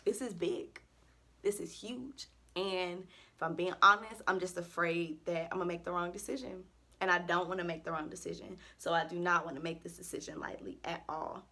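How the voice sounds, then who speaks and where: A woman's voice: fairly low pitch, a little fast, pushed and bright. A woman in her early twenties, a college senior, venting earnestly and emotionally to her channel about faith and her future. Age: early 20s. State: close to tears at times. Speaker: vlogger. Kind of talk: casual heartfelt vent to camera.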